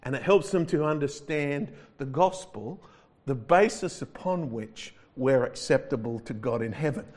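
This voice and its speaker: A man's voice: mid-range voice, lively intonation, measured pace, darkish tone. A male pastor preaching a sermon in a conversational, wry manner, stretching words for emphasis.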